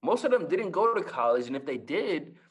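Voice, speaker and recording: Energetic young man telling motivational stories. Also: fairly high pitch, normal speed. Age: 20s. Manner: energetic, repeats phrases, asks the audience "right?". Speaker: guest speaker. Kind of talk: motivational storytelling.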